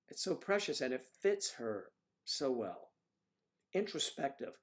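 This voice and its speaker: A man hosting a relaxed livestream from home, greeting viewers one by one. He muses aloud with drawn-out hums between remarks, at an ordinary middle pitch. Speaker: livestream host reading chat. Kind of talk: casual livestream chat. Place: at home with TV in background.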